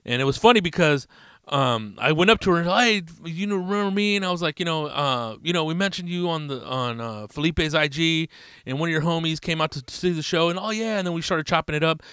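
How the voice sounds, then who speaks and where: Slangy laid-back podcast host, bright voice. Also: male voice, on the high side, fast talker, clear, resonant tone, no echo, clean studio sound. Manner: loose, profane, rambling slang with frequent laughs. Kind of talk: casual podcast monologue.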